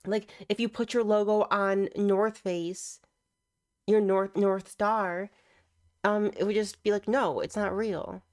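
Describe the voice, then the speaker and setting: A young woman giving casual, teasing reaction commentary on online clips, sarcastic and quick to laugh. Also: medium pitch, flat delivery, a little mellow, clear, resonant tone.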